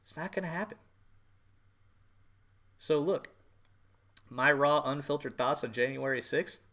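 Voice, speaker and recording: A man's voice: on the high side, unhurried, sharp tone. A man hosting a podcast, delivering an angry, profane political rant with emphatic repetition. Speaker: podcast host.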